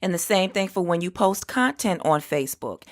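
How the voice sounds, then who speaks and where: Lady doing a solo business podcast, kinda low voice, walks you thru stuff slow. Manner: steady, explanatory, spells out web addresses slowly. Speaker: podcast host.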